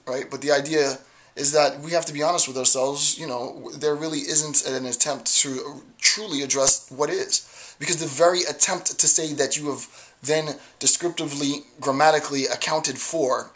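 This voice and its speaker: A man's voice: mid-range voice, a bit bright. A man talking to the camera in a rambling philosophical monologue, playful and digressive, often checking in with "right?". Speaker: video blogger.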